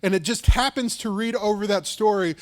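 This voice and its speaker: A male pastor retelling a story in a sermon, casual and lively, with frequent "like" and "right". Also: sits high, brisk.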